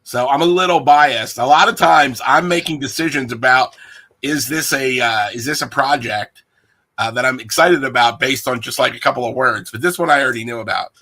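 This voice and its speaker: A man's voice: medium pitch, fairly quick, pushed and bright. A man hosting a casual stream, playful and rambling, joking with his guest. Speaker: host. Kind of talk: casual livestream chat.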